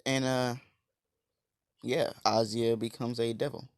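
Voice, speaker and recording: A man's voice: medium pitch, flat delivery, takes it slowly, creaky, smooth, no room sound, studio quality. A man casually retelling a fan story, rambling, slangy and blunt, with many restarts and fillers.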